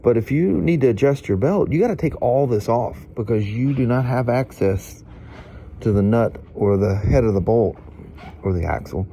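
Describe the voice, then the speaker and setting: A man's voice: mid-range voice, expressive, moderate pace, dark tone, slight background noise. A middle-aged man vlogging, a stuffy-nosed storyteller with a chatty, folksy manner who rambles and laughs through his stories. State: congested from hay fever.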